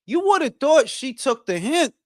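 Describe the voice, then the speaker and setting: A man's voice: very high-pitched, big pitch swings, normal speed, dry recording, clean studio sound. A man from Detroit with a Detroit accent, hosting a boxing talk stream and ranting in a blunt, profane, heated way. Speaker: boxing talk show host. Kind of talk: casual livestream commentary.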